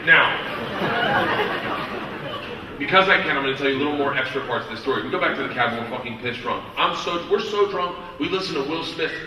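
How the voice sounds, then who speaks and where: A profane stand-up comedian in an echoey hall. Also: male voice, a little high, quick pace, long pauses, distant mic, noisy background. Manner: profane, animated storytelling. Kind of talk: stand-up storytelling. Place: live comedy festival stage. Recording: echoey hall mic with loud audience.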